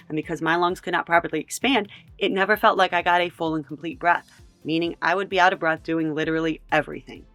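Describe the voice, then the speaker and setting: A woman's voice: lowish voice, a bit bright, no echo. A woman hosting a reaction video, talking in an exasperated, incredulous and emphatic way. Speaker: commentary host. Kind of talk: reaction commentary.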